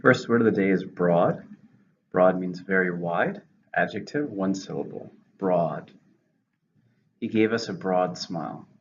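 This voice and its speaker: Man, vocabulary lesson, low voice, careful enunciation, dull lo-fi sound, faint background noise. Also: lively intonation. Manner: slow, careful enunciation of words. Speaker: English teacher.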